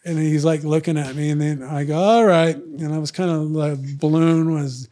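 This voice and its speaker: Guy telling an old story on a podcast, kinda high voice, acts out the other guys' lines. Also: little pitch movement, moderate pace, dark tone, a little hiss or hum. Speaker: podcast guest, retired fighter. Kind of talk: storytelling in casual chat.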